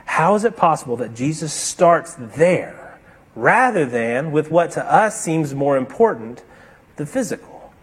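A man preaching with a husky, somewhat breathy voice that sits fairly high for a man. His delivery swings between emphatic, raised passages and hushed, slowed-down lines. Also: big pitch swings. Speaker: pastor. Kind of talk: sermon.

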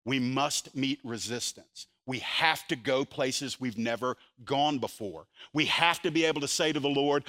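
An older man preaching a sermon as a pastor, animated, voicing quotes with sudden loud jumps. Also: mid-range voice, a little slow, hardly any pauses.

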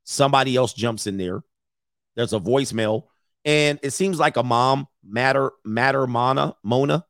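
A man hosting a live commentary, reading messages aloud and reacting to an audience in the room with blunt, profane, animated asides. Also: mid-range voice, moderate pace, no echo, clean studio sound. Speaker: commentary host.

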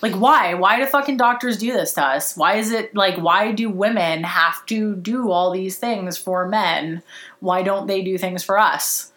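A woman's voice: medium pitch, measured pace, a bit bright. Blunt, profane woman in an echoey room. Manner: blunt, profane, storytelling with acted-out quotes. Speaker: podcast co-host. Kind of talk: casual chat. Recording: roomy echo.

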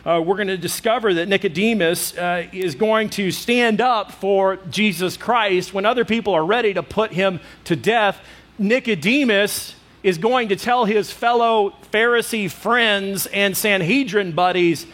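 A man preaching a sermon, conversational, acting out quotes in other voices and turning to the listeners with lively asides. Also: sits high. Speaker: pastor.

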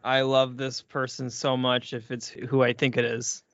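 A man's voice: medium pitch, level tone, normal speed, a bit bright. A man co-hosting a podcast, reacting with effusive, mock-amazed delight. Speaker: podcast co-host. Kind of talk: casual comedy chat. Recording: slightly muffled lo-fi audio.

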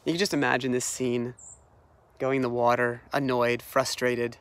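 A man preaching a sermon, retelling a Bible story in a lively, animated way, often repeating words as he restarts his sentences. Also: medium pitch, moderate pace, no echo. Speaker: pastor.

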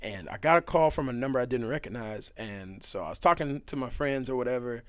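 Young male guest, animated chatty storyteller, mid-range voice, close dry recording. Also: medium pitch, fairly quick, no room sound. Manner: animated, laughing storyteller with many fillers. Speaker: podcast guest. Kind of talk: casual storytelling chat.

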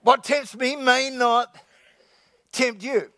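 High-voiced jokey male pastor. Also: fairly even intonation, pushed and bright, no room sound. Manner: jokey, repeats key lines slowly, calls out "come on, somebody". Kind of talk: sermon. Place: church sanctuary with congregation.

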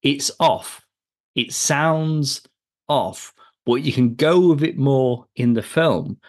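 A man's voice: mid-range voice, lively intonation, takes it slowly. A man co-hosting a podcast, chatting casually about a film and rambling through the cast with frequent laughs. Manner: rambling, laughs often, lists cast members. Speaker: podcast co-host. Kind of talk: casual film review chat.

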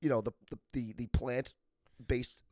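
A man's voice: mid-range voice, fairly even intonation, measured pace, warm tone, no echo, studio quality. A congested man co-hosting a podcast, making blunt, sarcastic jokes in casual banter. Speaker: podcast co-host.

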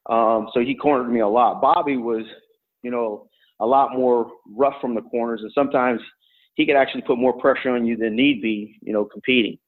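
A middle-aged man recalls his wrestling days in an easygoing, meandering way, full of ums and restarts. His voice sits at an ordinary pitch for a man. It comes through a narrow, tinny, phone-like line. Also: a little fast. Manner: relaxed, rambling storyteller with many fillers. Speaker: former college wrestler and coach. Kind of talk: storytelling in an interview.

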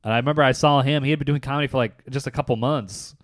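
A man, a comedian, chatting casually and teasing his co-host with quick joking asides. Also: medium pitch, steady tone, no echo, clean studio sound. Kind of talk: casual chat.

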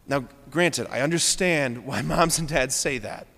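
A high-voiced man preaching a sermon as a Catholic priest, his earnest words driven home by repeated phrases. He speaks with building passion. The long reverb of a large church trails after each line. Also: normal speed, hardly any pauses.

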